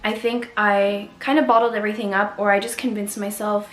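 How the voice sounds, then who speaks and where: A young woman from Canada, vlogging to camera and telling her own story in an earnest, candid way with soft pauses. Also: medium pitch, flat delivery. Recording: echoey room with faint music.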